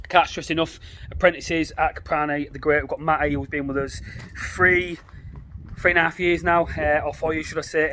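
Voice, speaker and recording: A man's voice: on the high side, a bit bright. A man, the owner of a plumbing business, narrating a casual vlog from a building site, chatty and joking with his crew, tired at the end of a long day. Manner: chatty, banters and laughs with the crew.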